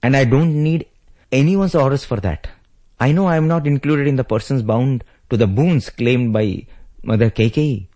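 A man's voice: lowish voice, normal speed, dark tone. A man voicing a devoted young prince brother who speaks earnestly and emphatically while telling a story in a spiritual discourse. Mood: resolute.

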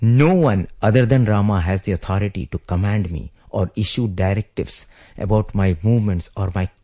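A man's voice: on the low side, normal speed, dark tone, breathy edge, highs cut off. A man voicing a devoted young prince brother who speaks earnestly and emphatically while telling a story in a spiritual discourse. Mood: resolute.

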